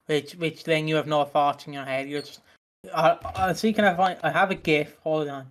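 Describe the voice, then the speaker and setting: High-voiced rambling man. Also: fairly even intonation, moderate pace, fairly bright tone. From Britain. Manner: rambling, giggly storyteller. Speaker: podcast co-host. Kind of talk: casual chat.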